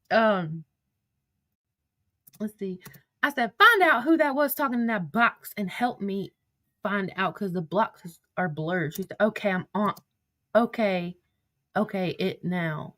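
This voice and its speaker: A woman's voice: mid-range voice, sharp tone, dry recording. A young woman, reading texts aloud on a livestream in a heated, profane rant. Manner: heated, profane, rapid rants.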